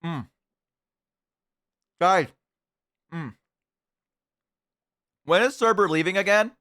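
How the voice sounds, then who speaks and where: A man's voice: high voice, slow, a bit bright. Rambling casual male streamer. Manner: rambling, self-deprecating, many fillers and restarts; eating while talking.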